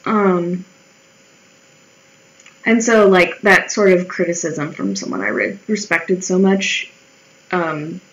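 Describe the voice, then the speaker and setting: A woman's voice: on the low side, animated, takes it slowly, long pauses, highs cut off, slight background noise. A woman in her twenties chatting casually and wryly while she draws, swearing freely and acting out her own remarks in quoted voices. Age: 20s. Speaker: vlogger. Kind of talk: casual storytelling while drawing.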